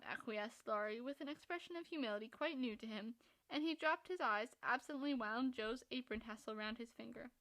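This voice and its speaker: A woman narrating a classic novel for a podcast in a steady, measured reading. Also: a little high, no room sound. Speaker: podcast reader.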